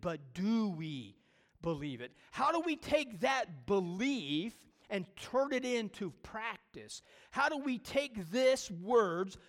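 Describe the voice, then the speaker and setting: A pastor preaching a sermon, emphatic and full of rhetorical questions and repeated phrases. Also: male voice, extremely high pitch, in a large hall.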